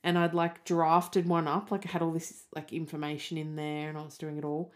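Chatty Australian woman, lowish voice. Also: completely flat delivery, brisk. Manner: chatty, rambling, peppered with "like" and "um". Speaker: podcast host. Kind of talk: casual solo podcast chat.

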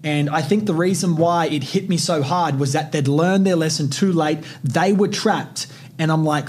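A man's voice: a little high, moderate pace, a little mellow, breathy edge. A young man hosting a podcast, telling personal stories in a blunt, intense and heavily profane way. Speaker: podcast host. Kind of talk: casual podcast storytelling.

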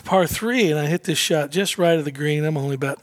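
A male guest telling a story in an animated, easygoing way, his voice sitting fairly high for a man. He acts out the quotes and laughs often, and the sound is close and dry with no room echo. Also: fairly quick. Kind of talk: casual storytelling interview.

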